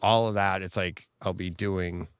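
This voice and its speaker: Low-voiced man rambling with frequent laughs. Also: fairly even intonation, unhurried, clean tone, dry recording, clean studio sound. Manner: rambling storyteller, laughs often mid-sentence. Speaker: podcast co-host. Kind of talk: casual chat.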